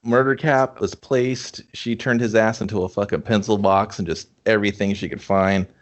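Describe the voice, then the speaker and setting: A man co-hosting a casual movie review podcast, rambling in a relaxed way, swearing often and saying dude a lot. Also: fairly low pitch, moderate pace. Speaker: podcast co-host. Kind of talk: casual film review chat.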